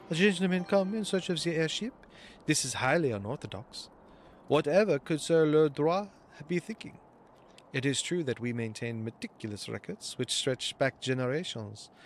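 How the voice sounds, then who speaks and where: A man's voice: on the high side, slight background noise. A man voicing haughty in-game noblemen with a put-on French accent, reading their lines pompously. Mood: fussy. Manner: pompous, theatrical dialogue reading.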